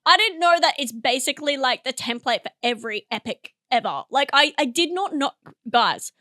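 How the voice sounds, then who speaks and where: A woman's voice: high-pitched, lively intonation, moderate pace, bright, forceful tone, no echo, clean studio sound. A young woman hosting a comedy podcast, rambling and giggling through a monologue, teary from laughing. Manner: giggly, rambling, self-interrupting.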